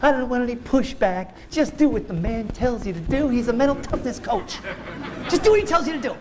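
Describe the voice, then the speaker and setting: A man's voice: very high voice, animated, a little fast, noisy background. A man giving a keynote speech in a convention hall, telling a playful story, laughing often and mimicking others. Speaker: keynote speaker.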